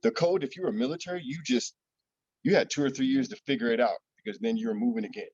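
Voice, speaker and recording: A man's voice: mid-range voice, expressive, fast talker, darkish tone, slightly rough, no echo, highs cut off. A man speaking casually on a panel, telling stories with easy laughs. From United States.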